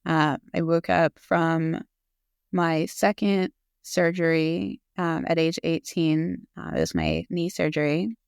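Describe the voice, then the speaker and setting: A woman in her thirties speaks as a podcast guest in an open, earnest, unscripted way, dropping in "um"s as she goes. Her voice is smooth and resonant, with a gravelly edge. The recording is close and dry. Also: deep voice, expressive, slow pace, darkish tone, dry recording. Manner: earnest and open, with fillers and laughs. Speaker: guest, physician assistant. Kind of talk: casual interview conversation.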